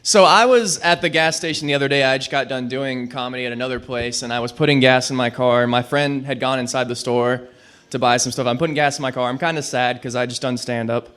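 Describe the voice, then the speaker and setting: A man's voice: medium pitch, steady tone, a little fast, a bit bright, clean tone. A young man doing a rambling, self-deprecating stand-up set at an open mic, on a handheld mic in a small club. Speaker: stand-up comic.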